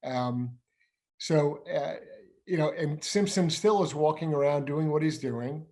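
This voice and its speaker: A man hosting an interview who once worked as an intelligence officer, explaining events in a measured way, step by step. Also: fairly high pitch, darkish tone. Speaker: show host and former intelligence officer. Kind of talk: conversational interview.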